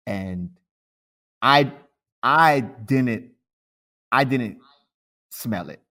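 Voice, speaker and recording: A man's voice: mid-range voice, animated, very slow, sharp tone. A man co-hosting a casual podcast chat, loose and profane, laughing often and acting out the people in his stories. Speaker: podcast co-host.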